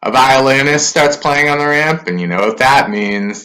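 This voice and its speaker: A man's voice: medium pitch, expressive, moderate pace, hardly any pauses, pushed and bright, a faint crowd, a little hiss or hum. A man giving a casual spoken recap of a wrestling show, loose and conversational with filler words and asides.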